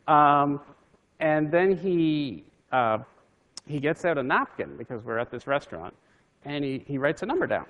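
A man's voice: fairly high pitch, expressive, normal speed, fairly bright tone. A physicist telling a wry anecdote from his career in a conversational talk to an audience.

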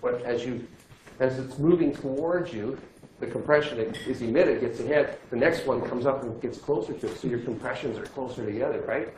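A male physics teacher giving a classroom lecture, lively and joking as he quizzes his students. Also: medium pitch, brisk. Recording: echoey classroom, faint noise.

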